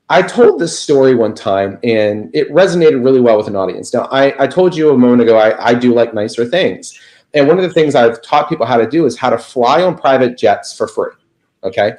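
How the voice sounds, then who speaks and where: A man on a video call, a guest telling an animated story in a casual interview. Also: mid-range voice, roomy sound, poor audio. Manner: animated anecdote teller, lively quoted voices. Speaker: guest speaker.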